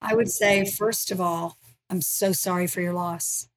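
A woman's voice: lowish voice, steady tone, unhurried. A middle-aged woman, a ministry founder, telling her personal faith story as a guest in a podcast interview, earnest and emotional.

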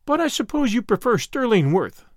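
A man voicing a lively young woman who is playful and teasing, in a bright, coaxing manner. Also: sits high, a little fast, dry recording, studio quality, pitched above the performer's own voice. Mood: chirpy.

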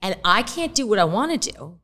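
A middle-aged woman talks as a podcast guest, telling stories in a candid, animated way and swearing freely. Her pitch sits in the middle for a woman. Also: a little fast, a little hiss or hum. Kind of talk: casual podcast chat.

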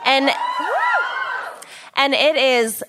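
High bright-voiced woman, unhurried chatty co-host. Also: steady tone, noisy background. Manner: chatty, giggly, says "okay" and "like" often. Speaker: podcast co-host. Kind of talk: live comedy podcast banter. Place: live show in front of an audience.

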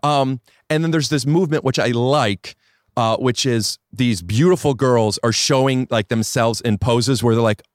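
A male comedian guest on a podcast outdoors, chatting casually with wry, deadpan jokes. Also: mid-range voice, moderate pace, no echo, studio quality. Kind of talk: casual chat.

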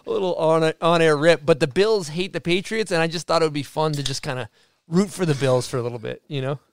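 Higher-voiced podcast host, swearing freely. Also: male voice, fast, clear, resonant tone, no room sound, studio quality. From Massachusetts, USA. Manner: swears freely, tells stories with gusto. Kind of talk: casual podcast chat.

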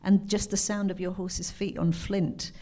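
A chatty woman with an English accent, speaking as a guest author in a relaxed interview. Her pitch sits in the middle of the range. She talks in a self-deprecating way and often laughs through her stories. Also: measured pace. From England. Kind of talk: casual interview chat.

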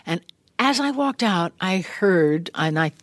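Older lady guest spinning stories, lively and laughy, voice a bit worn, dry close sound. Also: fairly low pitch, slow, dry recording. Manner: animated, laughs often, acts out remembered lines. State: voice a little worn. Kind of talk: casual interview storytelling. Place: large studio room.

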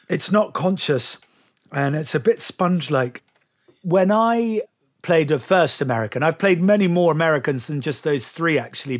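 A middle-aged English actor telling animated stories and laughing easily over a relaxed lunch interview. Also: male voice, a little high. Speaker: guest actor.

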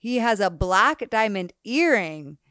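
A woman's voice: medium pitch, big pitch swings, a little slow, fairly bright tone, clear, resonant tone, no room sound, clean studio sound. A woman in her thirties hosts a casual dating podcast. She sounds upbeat, laughs often, and talks straight to her listeners. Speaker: podcast host.

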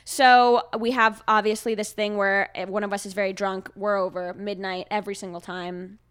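A woman guest on a podcast, telling a story in casual chat, animated and laughing often, with casual swearing. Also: medium pitch, normal speed, clean tone.

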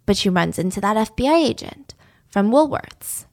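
A woman telling a story in a chatty, animated way with dramatic asides. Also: mid-range voice, moderate pace, vocal fry. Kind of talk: casual storytelling.

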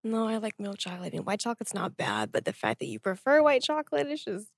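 A woman's voice: medium pitch, huge pitch swings, fast talker, gravelly, no echo. A young woman co-hosting a podcast, chatting casually, teasing and laughing easily. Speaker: podcast co-host. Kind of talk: casual chat.

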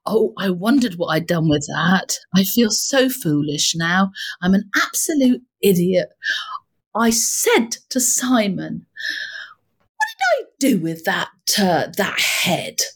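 A woman's voice: medium pitch, sing-song, slow pace, husky, voice pushed down, heavily acted. A woman improvising a prim, genteel older village lady with a sinister streak, in a mock-innocent comic manner. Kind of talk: improvised comic role-play.

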